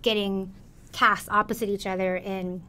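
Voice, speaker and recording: A woman's voice: mid-range voice, level tone, normal speed, pushed and bright, slight background noise. A young woman, a podcast guest, chatting playfully. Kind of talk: casual chat.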